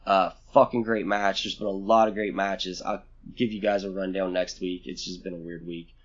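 A man's voice: low-pitched, flat delivery, moderate pace. Man, podcast co-host, casual chat, profane, rambling, blunt, muffled lo-fi sound.

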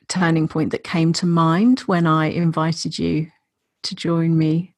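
Woman host, husky, a bit low, thoughtful, dry sound. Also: level tone, takes it slowly, darkish tone, dry recording. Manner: thoughtful, searching for words. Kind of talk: interview question.

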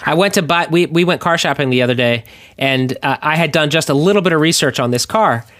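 A man's voice: fairly high pitch, quick pace, fairly bright tone, dry recording, clean studio sound. A man co-hosting a podcast, telling wry stories and joking about a TV show. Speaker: podcast co-host. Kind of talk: casual chat recapping a TV show.

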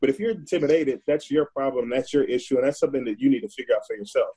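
A man's voice: mid-range voice, rapid-fire, dark tone, slightly rough, low-quality recording. A man speaking earnestly and emphatically as a guest in a casual discussion, often repeating words as he thinks.

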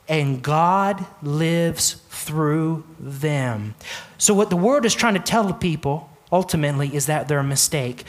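A pastor preaching an earnest sermon, addressing the congregation directly and repeating key phrases for emphasis. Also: medium pitch.

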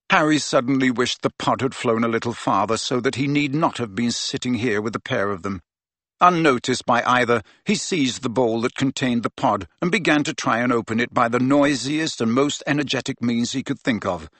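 A man reads scripted audiobook narration in a steady, even storytelling style. His voice is mid-range and his pace moderate, and the recording is dry.

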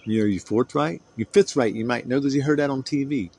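A man's voice: mid-range voice, fairly quick, darkish tone, husky. A middle-aged man from the United States, hosting a podcast and ranting in a heated, profane, rambling way. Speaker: podcast host. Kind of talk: solo podcast rant.

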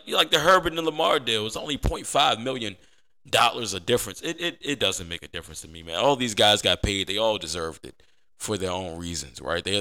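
A man with a low but bright, forceful voice hosts a football podcast. He talks in a loose, animated way and circles back on his points, repeating phrases to drive them home. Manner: animated, conversational, repeats himself for emphasis. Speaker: podcast host. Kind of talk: casual sports commentary.

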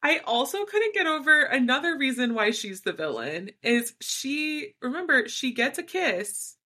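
A woman's voice: high voice, very animated, measured pace, bright, forceful tone. A woman co-hosting a casual recap podcast, dropping wry, sarcastic asides. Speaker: podcast co-host.

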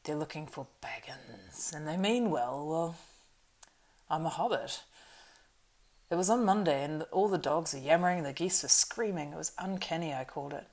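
A woman puts on a stout, fussy male innkeeper in a storybook reading. He talks loud and rambling, always flustered, with his voice pushed up high and bright. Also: moderate pace. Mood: gossiping. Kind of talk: audiobook reading.

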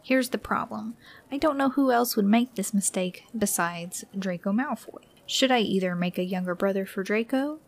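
A woman's voice: medium pitch, normal speed, creaky. A woman chats casually as a podcast co-host. She has a mid-range voice and a wry, dry way of commenting. She reads listener mail in the same easy tone. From United States. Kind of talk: casual chat.

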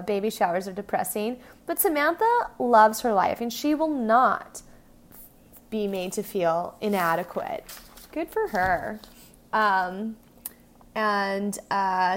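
A young woman in her twenties co-hosting a podcast, chatting casually and giggling, with lots of "like". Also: medium pitch. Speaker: podcast co-host. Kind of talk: casual recap chat.

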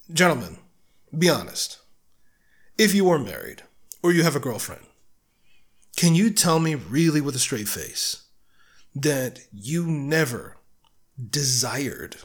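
A man's voice: medium pitch, a bit bright. A man with a mid-range voice talks through a book on his own podcast in an unscripted, conversational way. He is blunt and swears freely. He keeps arguing his point with rhetorical questions aimed at the listener. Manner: blunt, profane, argumentative. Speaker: podcast host. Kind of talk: casual solo book review.

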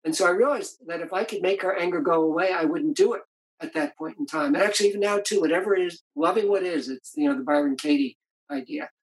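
This is a rough recording of an older author with a fairly high voice speaking fast. Interviewed, he reflectively tells conversational stories about his marriage, with many restarts along the way.

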